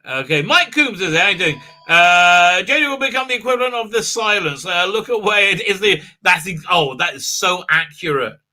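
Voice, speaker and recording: A middle-aged livestream host reads chat, rambling from comment to comment with lots of ums and laughs at a moderate pace with few pauses. His very bright, slightly high male voice jumps up when he gets excited, and his casual manner is excitable and filler-heavy.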